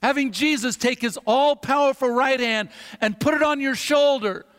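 Male pastor, high voice, emphatic sermon delivery with repeated phrases, booming hall reverb. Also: normal speed, a bit bright, clean tone.

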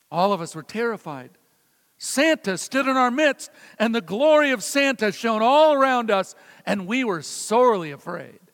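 A man delivers a sermon from the pulpit with a high, bright-sounding voice. His words carry a long reverb through a large sanctuary. He tells stories and drops to a hushed, gentle tone when quoting. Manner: storytelling preacher, drops to soft hushed quotes. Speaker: pastor.

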